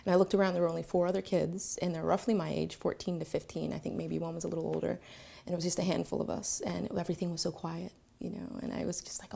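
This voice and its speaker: A woman telling a personal story to camera, reflective, pausing often on fillers. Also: on the low side, flat delivery, creaky, mellow. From Philadelphia, Pennsylvania. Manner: reflective, with frequent filler pauses.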